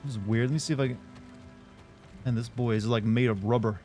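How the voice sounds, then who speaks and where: A man's voice: mid-range voice, fast talker, mellow, soft background music. A man chatting casually while streaming a game, rambling and answering his chat. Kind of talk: casual let's-play chat.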